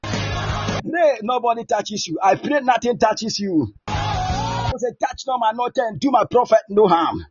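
A man pastor preaches and prays fervently on an online prayer line. His voice sits high and leaps through a wide, animated range as he stacks impassioned, repeated declarations. The recording is muffled and lo-fi, with faint music underneath. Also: moderate pace. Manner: impassioned, repetitive declarations with shouted peaks. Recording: dull lo-fi sound with faint music.

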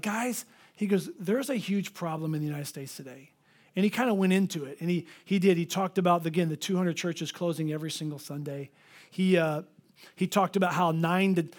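Man, pastor, high voice, animated sermon storytelling, acts out the people in his story. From Florida.

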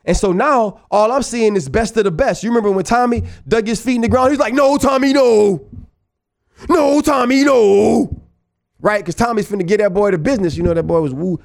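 High-voiced New Orleans man telling stories. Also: quick pace, few pauses. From New Orleans, USA. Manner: animated, digressive, peppered with "right?". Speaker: podcast host. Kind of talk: casual storytelling monologue.

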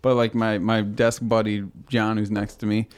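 A man hosting a podcast, chatting casually and telling stories in an animated way, laughing often as he goes. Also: lowish voice, moderate pace, clean tone. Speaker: podcast host. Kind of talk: casual chat.

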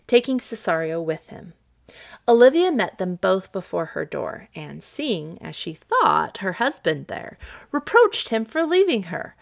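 A woman narrating a classic story for listeners, expressive and acting out the characters' lines. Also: mid-range voice, gravelly.

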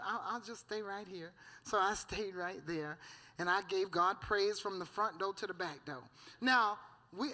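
A woman's voice: fairly high pitch, sharp tone. A woman giving a preached church testimony, fervent and storytelling, breaking in with amen and hallelujah and often laughing.

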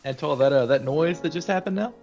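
A man's voice: fairly high pitch, quick pace, gravelly, a little mellow, dull audio, soft background music. A man hosting a gaming podcast in casual chat, with wry, joking remarks. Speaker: podcast host.

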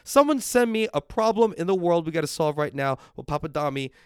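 A man's voice: fairly high pitch, expressive, a little fast, clean tone, no echo, clean studio sound. A man hosting a podcast on a livestream, ranting and swearing constantly while he drinks and reacts to viewers. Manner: drinks on air and reads viewer comments. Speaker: podcast host. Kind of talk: profane livestream rant. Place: at home.

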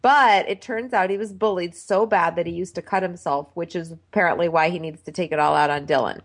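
A woman in casual chat, telling a TV-show story with fillers and quick asides. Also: fairly low pitch.

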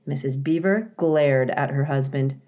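A woman teacher reading a storybook aloud to her class in a calm, clear, measured way. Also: extremely low pitch.

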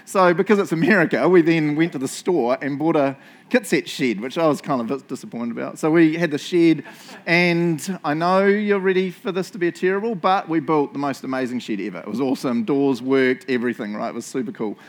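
Give me a middle-aged New Zealand man preaching a casual, joking sermon in a slightly high voice. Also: fairly quick. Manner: casual storytelling with self-mocking humor. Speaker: pastor.

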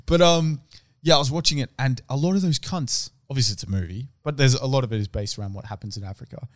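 A young man chatting casually on a podcast, swearing freely and rambling through stories in loose slang. His voice sits at an ordinary pitch, and the sound is dry and close, with no room around it. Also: fast, no echo. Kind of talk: casual chat.

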